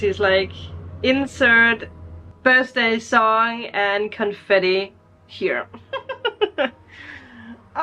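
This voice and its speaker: A woman's voice: a little high, bright, forceful tone, highs cut off. A woman vlogger chatting casually through an unboxing, emotional and laughing often.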